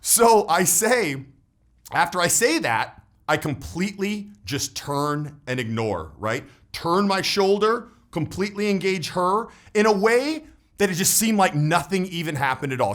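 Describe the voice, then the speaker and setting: A man in his forties, a voice and status coach, talking through a coaching vlog in an animated way and tagging his points with "right?". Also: a little high, normal speed.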